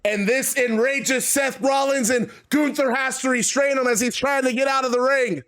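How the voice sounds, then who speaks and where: Brief: high-pitched male narrator, excited wrestling game recap. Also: normal speed.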